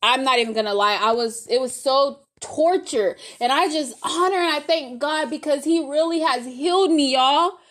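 A woman's voice: high-pitched, normal speed, few pauses, fairly bright tone. A woman giving a casual spoken testimony, rambling and faith-filled, calling her viewers y'all.

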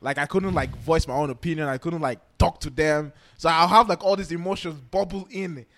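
A man co-hosting a casual podcast, relaxed and reflective, often saying "bro". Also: a little high, brisk. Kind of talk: casual chat.

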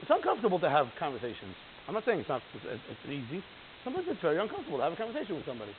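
A lively man leads a casual Torah class, speaking high and swinging his pitch widely. He acts out the voices of people he talks about and laughs often. The sound is tinny and phone-like, with faint hiss. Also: rapid-fire. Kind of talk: informal Torah class to a live group.

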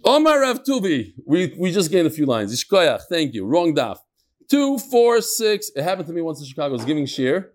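A man with a fairly high voice teaches a live Talmud class in a chatty way, joking and making asides to the room. He mixes Hebrew and Yiddish terms into his English.

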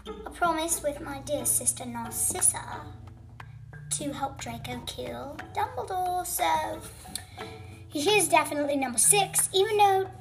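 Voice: high voice, a little slow, vocal fry. A child playing a boastful, scatterbrained female witch villain in a fan role-play video, with music behind. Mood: gleeful. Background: background music.

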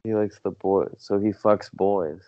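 A man's voice: lowish voice, fairly even intonation, measured pace, mellow, no echo. A man co-hosting a podcast in casual chat, making short, blunt, dry remarks. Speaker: podcast co-host. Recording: dull lo-fi sound.

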